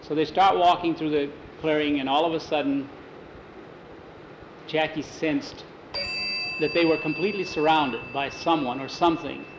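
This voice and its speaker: A man telling an adventure story aloud in a relaxed, homespun way, sometimes correcting himself mid-sentence. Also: on the high side, normal speed, pauses often. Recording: roomy, dull lo-fi, faint hiss.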